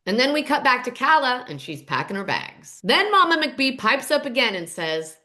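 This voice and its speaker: Woman spilling reality show tea, voice on the high side, bouncing all over. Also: normal speed, few pauses. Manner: animated, dramatic storytelling. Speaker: host. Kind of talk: gossipy reality TV recap.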